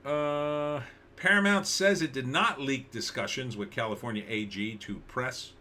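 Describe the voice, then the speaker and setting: A man's voice: mid-range voice, measured pace, pushed and bright. A man hosting a casual livestream, commenting on news with sarcasm and rambling restarts. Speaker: livestream host.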